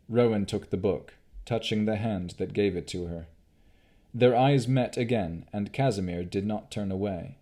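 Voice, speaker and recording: A man narrating an audiobook of a fantasy novel in a measured, deliberate reading. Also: low-pitched, warm tone.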